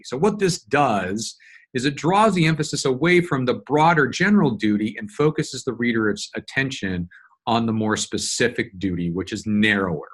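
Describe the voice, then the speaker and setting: A man teaching law in a recorded lecture, walking through a document in a measured, explanatory way with frequent fillers and restarts. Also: mid-range voice, lively intonation, husky. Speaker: law instructor. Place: solo screen-recorded lecture.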